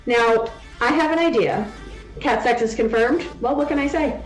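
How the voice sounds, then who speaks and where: A young woman chats casually through a game stream, stopping now and then to coo at her baby. Her voice sits a little high, and it echoes in the room. Soft music plays underneath. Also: normal speed. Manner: chatty, doting baby talk to her daughter. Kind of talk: casual live-stream chat.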